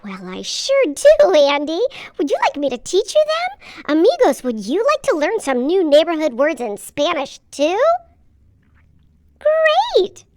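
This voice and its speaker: A woman's voice: high voice, wildly swooping pitch, darkish tone. A woman doing Rosie, sing-song girl teacher. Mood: cheerful. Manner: sing-song, encouraging, slow and clear for small kids. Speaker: teacher of Spanish words. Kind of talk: children's bilingual lesson. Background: children's music.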